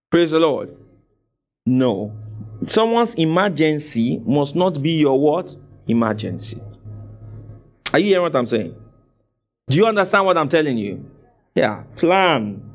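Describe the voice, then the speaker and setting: Male preacher, slightly high voice, drives points home through repetition and asks the congregation to answer back. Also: sing-song, takes it slowly, long pauses, soft background music. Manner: exhorting, call-and-response with the congregation; repeats phrases for emphasis. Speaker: pastor. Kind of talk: sermon.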